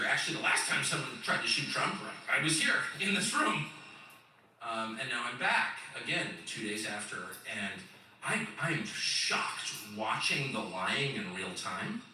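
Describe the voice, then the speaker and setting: Californian guy in his 50s doing a wry stage bit, pitch all over the place, sounds far off from the mic. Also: unhurried, slight background noise. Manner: sardonic, chuckling, animated storytelling. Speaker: host on a live stage tour. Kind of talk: live stage monologue. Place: large indoor event hall. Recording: roomy echoing hall, distant mic.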